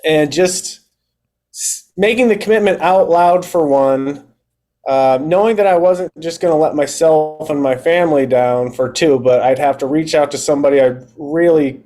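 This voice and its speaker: A man's voice: a little high, normal speed, mellow. A man in his thirties, a podcast guest and fitness coach, telling his story in a candid, casual way and acting out his own past thoughts.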